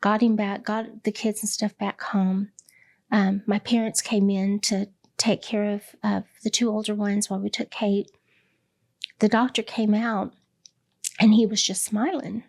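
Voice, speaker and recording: Gravelly middle-aged woman telling her story. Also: mid-range voice, flat delivery, darkish tone. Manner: candid and reflective, with many pauses and fillers. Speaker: hospice director, interview guest. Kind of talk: personal storytelling in an interview.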